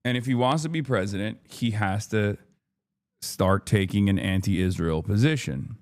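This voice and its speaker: A man's voice: on the low side, normal speed, darkish tone. Profane, exasperated male streamer. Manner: repeats and restarts for emphasis. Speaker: streamer reacting to news. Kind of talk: livestream commentary.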